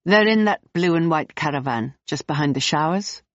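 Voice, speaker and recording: A narrator voicing a calm circus woman who explains things in a measured way, on a dull, dry recording. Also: deep voice, no echo. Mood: matter-of-fact.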